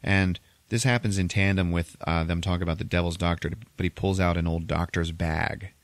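A man with a deep voice retells a horror movie scene by scene, swearing freely and acting out the twists. His voice is close and dry, with no room sound at all. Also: a little fast, no room sound. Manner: profane, animated storytelling. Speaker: podcast host. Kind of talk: casual movie plot retelling.

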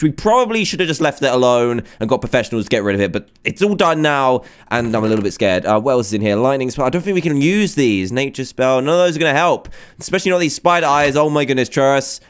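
A man hosting a video game let's play, excitable and chatty, exclaiming often. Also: mid-range voice, smooth. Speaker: gaming video host.

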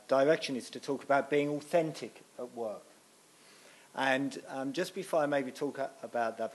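A man's voice: medium pitch, slight background noise. Middle-aged male guest speaker, self-deprecating anecdotal style, mid-range voice, church talk. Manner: chatty, self-deprecating storyteller.

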